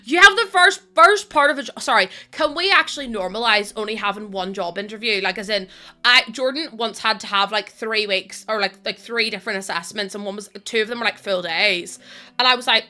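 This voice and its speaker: A woman with a Northern Irish accent chatting fast with her stream audience, tired and laughing often. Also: a little high, expressive, pushed and bright. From Northern Ireland. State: tired from lack of sleep. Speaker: live streamer. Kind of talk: casual chat with a stream audience.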